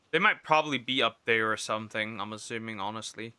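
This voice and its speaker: Streamer type: young man, very bright tense tone, rambling gameplay chatter to himself. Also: lowish voice, fast talker, smooth. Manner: rambling, talks to himself while playing. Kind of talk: casual gameplay commentary.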